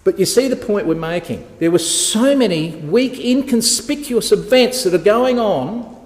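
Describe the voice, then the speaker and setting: A man preaching a lively Bible talk, telling the story and quizzing the congregation. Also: high voice, measured pace. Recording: echoey hall reverb.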